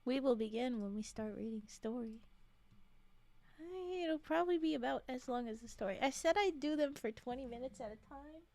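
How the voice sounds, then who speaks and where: A woman's voice: high voice, moderate pace, darkish tone. A woman streamer chatting casually with her viewers, giggly and chatty. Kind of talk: casual livestream chat.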